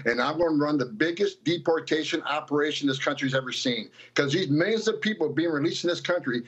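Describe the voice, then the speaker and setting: A man's voice: a little high, breathy edge, lo-fi sound. A man being interviewed on a TV news show, speaking bluntly and emphatically. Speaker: former immigration official guest.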